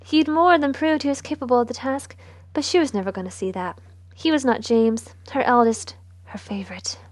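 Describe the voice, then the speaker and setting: Soft-spoken woman reading a novel. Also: a little high, normal speed, dry recording. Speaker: narrator. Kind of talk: novel read aloud.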